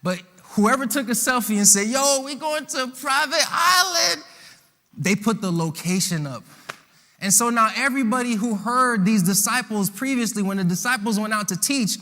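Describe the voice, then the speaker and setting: Animated, bright-voiced young preacher man. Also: high voice, brisk, long reverb tail. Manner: animated, slangy, acts out voices of the disciples. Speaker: youth preacher. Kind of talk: lively storytelling sermon.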